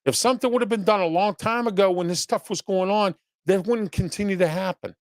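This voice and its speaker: A man's voice: sits high, brisk, no echo, clean studio sound. A man hosting his own commentary show, scolding his audience bluntly with rhetorical questions and repeated "okay?", often rambling. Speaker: host of a local commentary show. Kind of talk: opinion commentary, reading viewer chat.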